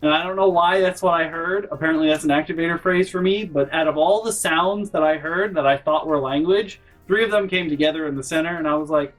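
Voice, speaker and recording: A man's voice: fairly high pitch, fast talker, hardly any pauses, faint music behind. Rambling, swearing man telling a story. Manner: rambling, profane, exasperated storytelling; animated, leaps into loud mock yells. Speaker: gaming channel host. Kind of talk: storytime over gameplay.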